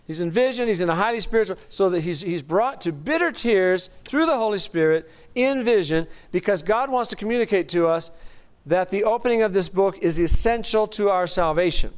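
A man's voice: sits high, expressive, brisk, clear, resonant tone. A man teaching a Bible study in a chatty, enthusiastic sermon style, often asking his listeners questions.

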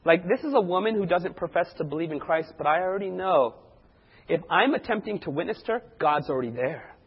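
Husky-voiced man preaching in a hall. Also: high voice, brisk. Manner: animated storyteller acting out quoted voices. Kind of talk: sermon testimony storytelling. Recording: dull lo-fi recording in a reverberant hall.

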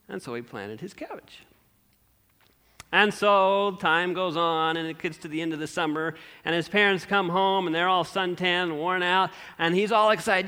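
A male pastor preaching a sermon through an animated story, asking the congregation questions. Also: high-pitched, moderate pace, clean tone.

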